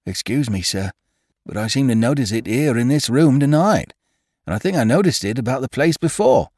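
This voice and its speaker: Here a man portrays an uneasy, earnest gardener, a deferential working man telling his tale to his employer and calling others sir. His mid-range voice, raised above his own, has lively intonation, a darkish tone and a breathy edge at a moderate pace, recorded at studio quality without room sound.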